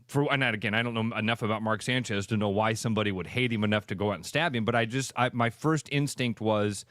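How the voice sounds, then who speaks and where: A man's voice: fairly low pitch, fast, fairly bright tone, no echo, clean studio sound. Blunt, ranting radio co-host man. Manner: blunt, emphatic ranting with crude language. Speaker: radio sports talk co-host. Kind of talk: opinionated sports radio banter.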